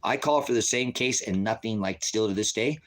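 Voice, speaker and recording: A man with a lowish voice speaking at a moderate pace angrily rants to viewers, swearing and retelling conversations in quotes. He is a ministry vlogger.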